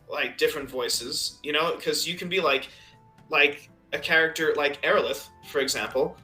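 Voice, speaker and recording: A man game-mastering a tabletop game podcast chats loosely and rambles, filling the gaps with "you know." His fairly high voice is pushed and bright at a moderate pace, with faint music behind him.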